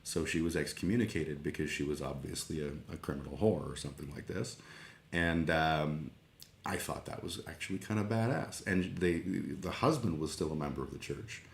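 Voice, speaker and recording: A middle-aged man with an extremely low, rumbling voice, talking loosely on his livestream. He drifts from thought to thought, swears freely, and pads his sentences with ums. The room around him has a noticeable echo. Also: normal speed, vocal fry, slight background noise. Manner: meandering, sweary, self-deprecating, many fillers. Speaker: livestream host. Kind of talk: casual rambling chat. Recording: roomy echo.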